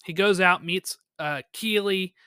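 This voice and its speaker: Bright, lively podcast co-host. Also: medium pitch, clear, resonant tone, dry recording, studio quality. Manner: animated, quick bursts with laughs. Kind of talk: casual recap chat.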